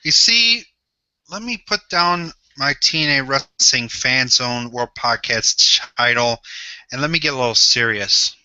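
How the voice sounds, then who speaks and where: A man's voice: medium pitch, unhurried, pushed and bright, clean tone, no room sound. A man cutting a boastful, threatening wrestling trash-talk promo, repeating his rival's name for emphasis. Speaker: fan wrestling promo talker. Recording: dull lo-fi audio.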